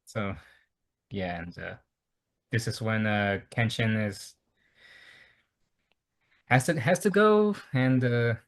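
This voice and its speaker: A man's voice: on the low side, slow pace, long pauses. A man retelling anime scenes over a call, stumbling and repeating words as he goes. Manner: stumbling, repetitive retelling with many restarts. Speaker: anime review co-host. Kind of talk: casual chat over a call.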